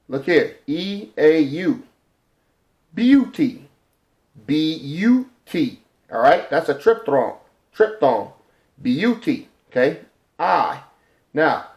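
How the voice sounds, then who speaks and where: A man teaching informally from a chart, halting often with repeated fillers and sounding out letters and syllables. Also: mid-range voice. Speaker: religious teacher.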